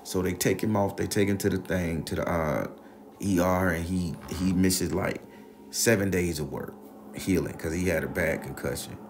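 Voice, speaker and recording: A man with a low, gravelly voice recounting a story in a loose, slangy way. He swears freely and keeps the telling animated. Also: moderate pace, a little hiss or hum. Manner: profane, animated, slangy retelling. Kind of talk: casual spoken storytelling.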